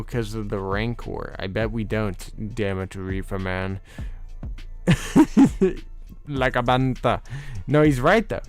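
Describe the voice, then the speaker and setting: Excitable man hosting a chatty livestream. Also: mid-range voice, smooth. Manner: excitable and chatty, often laughing and teasing viewers. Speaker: host of a fan channel livestream. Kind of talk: casual livestream chat reacting to viewer comments.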